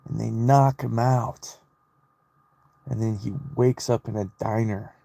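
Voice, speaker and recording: A man's voice: medium pitch, fairly even intonation, slow pace, gravelly, dark tone, no room sound. A young man in a casual solo vlog, retelling a movie and his childhood in a loose, swear-heavy ramble that keeps restarting. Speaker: solo vlogger. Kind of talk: rambling personal monologue.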